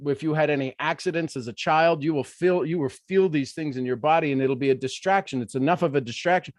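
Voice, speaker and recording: A man from Ohio giving a motivational talk in an animated, folksy way with playful asides. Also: fairly high pitch, fast, no echo, studio quality. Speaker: motivational speaker.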